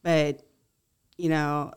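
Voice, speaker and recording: A woman's voice: low-pitched, flat delivery, extremely slow, clean tone. A woman speaking as a podcast guest in casual conversation, earnest and heartfelt. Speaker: guest, family member of a missing person.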